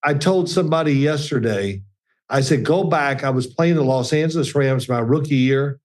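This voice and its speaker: An older man with a slight Kentucky twang tells folksy stories as an interview guest. His pitch sits in a middling range and he chuckles now and then. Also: moderate pace, a little mellow. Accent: slight Southern, Kentucky. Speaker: guest, former NFL quarterback. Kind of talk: casual interview chat.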